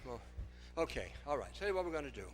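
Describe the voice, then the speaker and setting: A man's voice: a little high, very animated, quick pace, a little hiss or hum. An older man doing breathless, self-mocking stage patter between dance numbers in front of a live audience. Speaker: song-and-dance entertainer.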